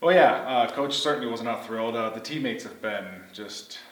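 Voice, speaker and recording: A man's voice: medium pitch, brisk, heavy background noise. A man in a comedy sketch playing an injured athlete who talks in a mopey, self-pitying way. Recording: echoey room from a distance.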